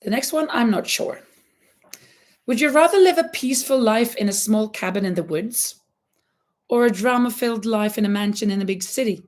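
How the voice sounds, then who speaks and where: This livestream host has a fairly high, slightly mellow voice and speaks at a moderate pace. Her crochet chat is casual and rambling, full of fillers and restarts as she thinks aloud, and she coughs while her voice cracks from time to time.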